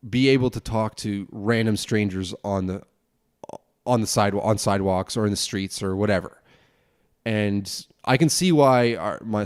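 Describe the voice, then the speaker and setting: A young man hosts his own podcast alone, talking a mile a minute in loose, rambling sentences full of restarts and casual swearing. His voice sits a little low. The sound is dry and close, with no room echo. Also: clear, resonant tone. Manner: fast rambling talk, frequent swearing and restarts. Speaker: podcast host and broadcasting student.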